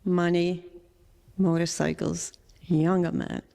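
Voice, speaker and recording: A woman's voice: lowish voice, little pitch movement, takes it slowly, creaky, warm tone. A woman from Boston with a Boston accent, a dating show contestant who hesitates and weighs her words. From Boston, Massachusetts.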